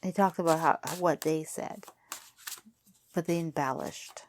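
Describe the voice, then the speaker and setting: A woman with a lowish voice reads tarot cards in a casual, thinking-out-loud way. Her voice is strained because she is losing it. She circles back over her words in halting, repeated phrases. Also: background noise. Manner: musing aloud, halting and repetitive. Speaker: tarot reader. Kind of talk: casual tarot card reading.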